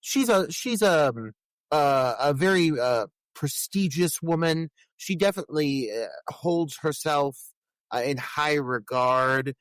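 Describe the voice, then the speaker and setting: A man's voice: a little high, slow, a bit bright, no echo, low-quality recording. A man co-hosting a podcast, talking earnestly and with enthusiasm about a horror film's scenes. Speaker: podcast co-host. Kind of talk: casual film discussion.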